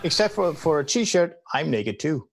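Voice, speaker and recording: A man on a livestream panel in casual chat, halting and stammering as he jokes. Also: a little high, very animated, creaky, crowd noise.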